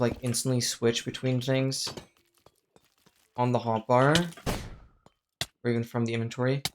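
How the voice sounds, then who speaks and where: A game streamer chatting casually during a live gameplay stream, excitable, exclaiming often and thanking viewers. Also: mid-range voice, slight background noise.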